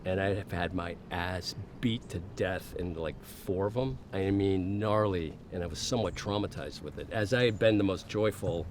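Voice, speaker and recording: Very deep-voiced man telling a candid story. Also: moderate pace, few pauses, noisy background. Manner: candid, swears freely, acts out quoted voices. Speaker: podcast guest. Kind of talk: casual storytelling interview.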